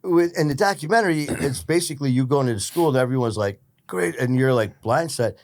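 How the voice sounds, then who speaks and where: A man's voice: mid-range voice, lively intonation, fairly quick, a little mellow. A man hosts a casual podcast interview in an easy, conversational tone. He walks back through his guest's story before steering to the next question. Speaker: podcast host.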